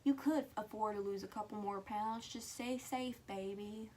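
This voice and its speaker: A woman's voice: mid-range voice, steady tone, normal speed, warm tone, recorded from a distance, slight background noise, lightly acted. A teenage girl voicing her older grandmother with a Cajun accent, fussy and blunt.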